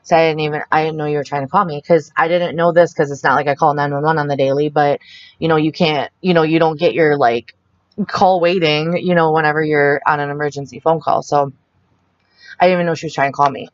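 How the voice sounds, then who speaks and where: A young woman telling a frightening personal story in a halting way, often quoting what people said to her. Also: deep voice, steady tone, dry recording. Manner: halting, retells the scene with quoted dialogue. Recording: dull, muffled dry sound.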